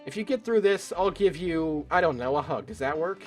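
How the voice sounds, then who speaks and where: A man's voice: fairly high pitch, animated, fairly quick, soft background music, pitched above the performer's own voice, natural voice. A man doing an upbeat, teasing bar boss. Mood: encouraging. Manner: upbeat, encouraging. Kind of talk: let's play voice acting.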